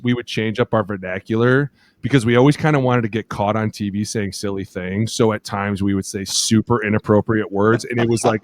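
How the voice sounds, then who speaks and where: A man co-hosting a casual podcast, a former lineman telling animated stories and acting out teammates' shouted calls, swearing freely. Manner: animated storyteller acting out teammates' calls in loud high voices.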